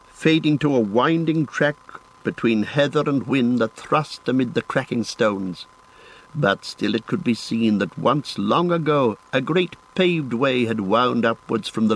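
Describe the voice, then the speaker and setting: A man reading a fantasy novel aloud in a measured, descriptive narration. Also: mid-range voice, low-quality recording. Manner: measured, descriptive reading with lifted phrase starts. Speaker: audiobook narrator.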